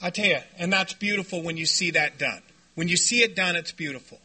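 A man speaking to a recovery meeting, telling stories in an animated, joking way and shouting when he acts out what others said. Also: high voice, brisk, slightly rough. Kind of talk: storytelling talk to a meeting. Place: meeting room before a group.

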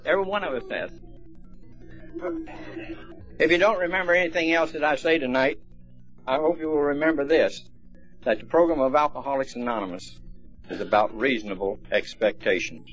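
A man's voice: medium pitch, a bit bright. A man speaking at a recovery meeting, telling stories in a folksy, plainspoken way. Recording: dull lo-fi recording, faint music.

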